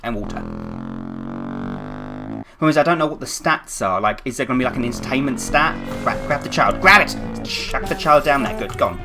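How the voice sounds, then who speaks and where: A woman's voice: rumbling low, animated, a little fast, music in the background. A young woman commentating her gameplay in a frantic, panicky way, often swearing and laughing at herself. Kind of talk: let's play commentary.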